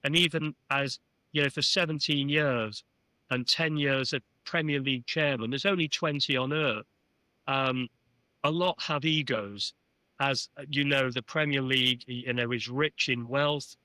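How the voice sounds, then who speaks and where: Lebhafter älterer Mann erzählt Anekdoten. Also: male voice, medium pitch, a little slow, no room sound, rough recording. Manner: animated, anecdotal, peppered with "you know". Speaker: podcast guest, former club chairman. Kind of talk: storytelling in an interview.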